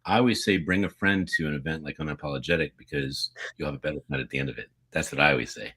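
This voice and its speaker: A man co-hosting a podcast in casual chat, jokey and quick to laugh. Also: rumbling low, pushed and bright, slightly rough. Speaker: podcast co-host.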